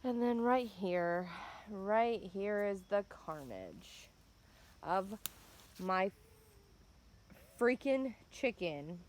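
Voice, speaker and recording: Slow-talking woman filming her farmyard. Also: mid-range voice, sing-song, darkish tone. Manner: angry and upset, swears, keeps saying "bam". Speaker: farm vlogger. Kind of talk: casual walk-and-talk vlog. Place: outdoors by a chicken pen near woods.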